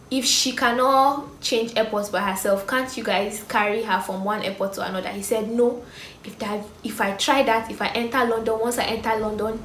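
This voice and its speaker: A young Nigerian woman tells a story to camera and slips into the voices of the people in it. Her pitch sits in the middle of the usual range. The room is echoey, with a faint hum of ambience behind her. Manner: animated storytelling, acting out other people's lines. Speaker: vlogger. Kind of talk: storytime vlog.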